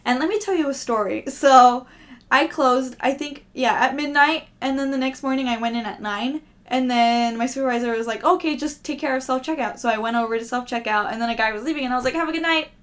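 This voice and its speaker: A woman's voice: high-pitched, brisk, a bit bright. A young woman vlogger in casual, rambling, self-deprecating chat to camera, often laughing.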